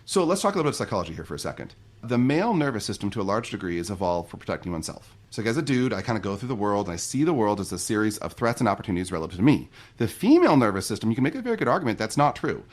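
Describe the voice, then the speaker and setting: A middle-aged man, a guest on a podcast, telling stories and explaining ideas in a relaxed, conversational way. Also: lowish voice. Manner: fast, animated storytelling. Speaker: podcast guest, marriage coach.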